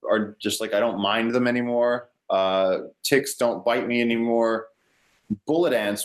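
Laid-back young man telling a story. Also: on the low side. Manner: relaxed, rambling, heavy use of filler like. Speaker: guest, ecotourism company owner. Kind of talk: casual storytelling in an interview.

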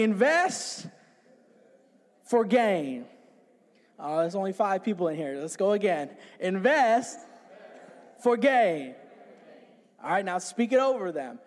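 Man, high voice, energetic preacher, call-and-response sermon, reverberant church hall. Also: fairly quick. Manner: energetic, jumping about. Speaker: pastor. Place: small church with few people.

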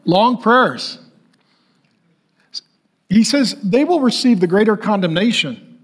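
Middle-aged male pastor, lively high preaching voice with a husky edge, jokes and acts out others. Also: normal speed. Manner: animated, jokey, acts out voices. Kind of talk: sermon.

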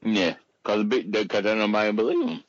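A man talking in loose, profane slang during a casual chat. His low-set voice swoops up and down, and it comes through dry, close and a little muffled. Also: lively intonation, moderate pace, no room sound.

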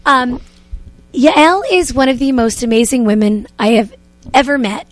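A woman hosts a radio interview in a high, lively voice, effusive and eager. Her sound is close and dry, with no room around it. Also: measured pace, dry recording. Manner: enthusiastic and effusive. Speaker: radio show host.

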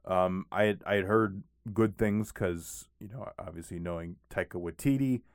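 Lower-voiced man rambling about movies. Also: moderate pace, no room sound, clean studio sound. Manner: rambling, many fillers like "like" and "uh". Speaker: podcast co-host. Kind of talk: casual chat about movies.

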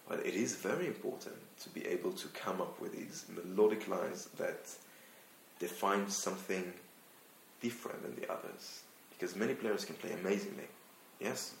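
A young man from Israel speaks with an Israeli accent, his voice sitting very low. He talks through his ideas slowly and thoughtfully, now and then hunting for the right word. The room around him rings with echo. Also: creaky, a little hiss or hum. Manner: thoughtful, searching for words. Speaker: guest violinist. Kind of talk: casual interview talk.

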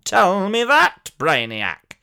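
A man's voice: high-pitched, huge pitch swings, slow, vocal fry, bright, forceful tone, clean tone, exaggerated voice. Guy putting on a pompous old actor, fussy and over the top, voice swoops up and down a lot. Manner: theatrical, fussy, over-elaborate storytelling. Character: pompous elderly male former soap actor, grandiose. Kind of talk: comic character monologue.

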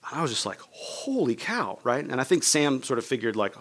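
A fast-talking pastor with a mid-range, slightly bright voice preaches a sermon built around a personal story. His tone is relaxed and conversational, he imitates the people he describes, and he peppers it with "like" and "right?"

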